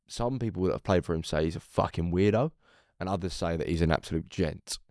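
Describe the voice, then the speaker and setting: A man hosting a casual interview, curious and prodding with quick questions, swearing casually. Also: deep voice, a little mellow, no room sound, studio quality. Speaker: podcast host.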